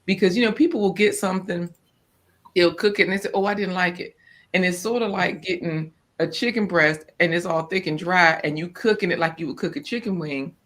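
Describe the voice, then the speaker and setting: A woman co-hosting a casual live-stream chat about gardening and food, informal and quick to laugh. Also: lowish voice. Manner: chatty and informal, laughs often. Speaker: co-host of a homestead live chat. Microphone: off-camera, voice only.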